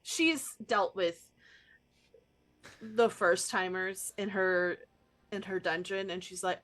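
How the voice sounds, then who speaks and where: A woman's voice: medium pitch, slow, pauses often, a bit bright. A woman playing a tabletop role-playing game who chats casually and laughs at her own moves. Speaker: player.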